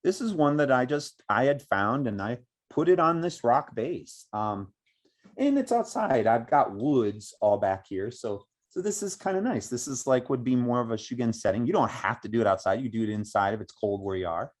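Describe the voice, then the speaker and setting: A middle-aged man teaching meditation outdoors, explaining slowly and reflectively with many pauses and restarts. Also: mid-range voice, very animated. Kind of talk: spoken meditation instruction. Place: outdoors by woods.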